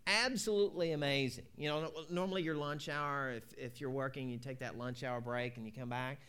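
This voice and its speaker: A man's voice: mid-range voice, steady tone, brisk, a bit bright, clean tone. A man preaching a conversational sermon, telling stories in a folksy way and acting out both sides of a conversation. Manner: folksy, repeats "you know".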